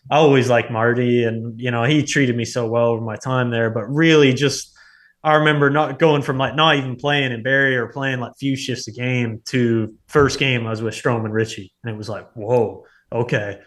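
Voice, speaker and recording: A man in his thirties speaks casually at a mid-range pitch. He tells a story as a podcast guest, loose and rambling, with many filler words along the way. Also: moderate pace. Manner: relaxed, rambling, full of "like" and "you know". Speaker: interview guest, former hockey player.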